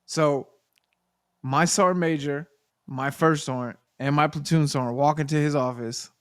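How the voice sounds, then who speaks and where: A man who served in the Army, co-hosting a casual chat and telling an animated, profane story. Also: fairly high pitch, normal speed, smooth, no echo, studio quality. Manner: animated storyteller, profane, acts out quoted people. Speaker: podcast co-host, Army veteran.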